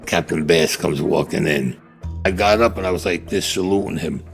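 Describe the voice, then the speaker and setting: With faint music behind him, a man whose voice sits low talks at a moderate pace. The interviewee, a Vietnam veteran from Brooklyn, New York, tells war stories bluntly in gruff street talk, acting out the dialogue.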